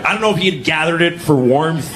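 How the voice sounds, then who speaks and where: A middle-aged man from New York doing a stand-up comedy set, telling stories with sudden high-pitched acted outbursts. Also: animated, quick pace, background noise. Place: comedy stage before a laughing audience.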